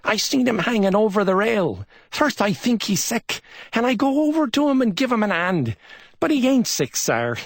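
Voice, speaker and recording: A man voicing a frightened male waiter with a Barbadian accent, high and shaken, in an audiobook. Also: very animated, normal speed, dry recording, clean studio sound, exaggerated voice. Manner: high and shaken, broken grammar.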